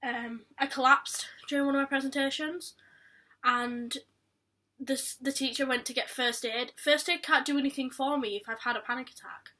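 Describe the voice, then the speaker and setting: Young Yorkshire woman vlogger, candid and rambling, fairly high voice, a bit off-mic. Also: fairly even intonation, normal speed, bright, forceful tone, far from the mic. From Yorkshire, England. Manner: candid, rambling, with frequent ums. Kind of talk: casual talk to camera.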